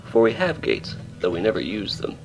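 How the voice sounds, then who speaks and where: A man voicing an old male guide who speaks calmly and patiently, repeating his words slowly in a storybook reading. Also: fairly low pitch, music in the background, rough recording.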